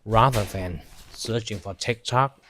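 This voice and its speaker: A man from China speaks slowly and haltingly in English, his first language Chinese, as he chats to the camera. His voice sits low and he pauses often to search for words. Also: fairly bright tone, slight background noise. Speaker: vlogger. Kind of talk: casual talk to camera. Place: outdoors by a campfire.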